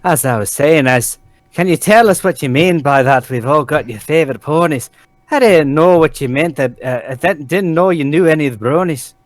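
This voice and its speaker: A man voicing a calm, mysterious female pony princess who speaks in a measured, secretive and hesitant way. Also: on the high side, no echo, close to an everyday voice. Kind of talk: comedic read-aloud of fan fiction.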